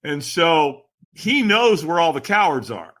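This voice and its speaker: Animated, bright-voiced male storyteller. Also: fairly high pitch, a little slow. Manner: lively, dramatic, keeps addressing the host. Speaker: podcast guest.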